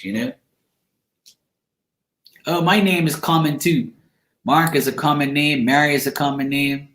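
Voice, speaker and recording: A man's voice: mid-range voice, fairly bright tone. Male tarot streamer, casual and rambling, mid-range voice, roomy echo. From Bermuda. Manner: rambling, chatty, answers chat comments by name. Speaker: tarot reader on a live stream. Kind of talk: casual chat with live viewers. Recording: echoey room.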